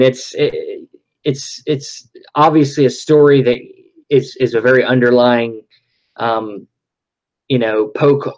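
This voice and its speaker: A man's voice: mid-range voice, a little mellow. Guy rambling about a movie, lots of um and you know, kinda muffled lo-fi audio. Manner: rambling, many restarts and fillers. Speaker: podcast co-host. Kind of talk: casual film discussion.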